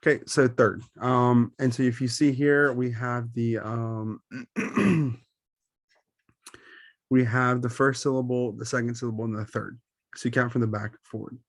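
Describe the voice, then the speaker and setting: A man's voice: medium pitch, steady tone, measured pace, no room sound, studio quality. A man teaching Spanish grammar in an online lesson, explaining slides with many ums and self-corrections.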